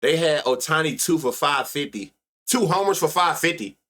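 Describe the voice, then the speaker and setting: A man's voice: on the high side, expressive, moderate pace, sharp tone. A man hosting a live sports betting stream, reading stats and riffing loosely with plenty of profanity. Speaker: sports betting show host.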